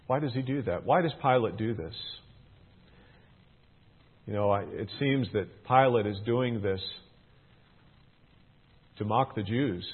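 A man's voice: fairly low pitch, unhurried, pauses often, husky. A middle-aged man teaching through a Bible passage, earnest, his emphasis rising on questions. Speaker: preacher. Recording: tinny phone-like band.

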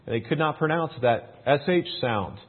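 A man teaching a Bible passage, reading the verses aloud with lifted emphasis, then explaining them in a relaxed, folksy way with plenty of fillers. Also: on the high side, normal speed, slightly rough. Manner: reads scripture louder and more raised, explains in a relaxed folksy way with fillers. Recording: tinny phone-like sound.

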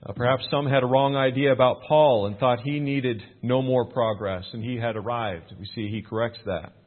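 A man's voice: mid-range voice, normal speed. A man preaching a plain, conversational sermon as pastor, building to emphatic points. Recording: thin phone-like sound.

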